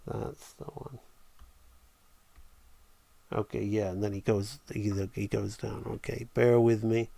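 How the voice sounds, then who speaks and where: A man's voice: fairly low pitch, little pitch movement, slow pace, vocal fry, long pauses, dark tone, breathy edge. A man teaching animation on a live stream, enthusiastic and thinking aloud as he draws. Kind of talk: live-streamed drawing tutorial.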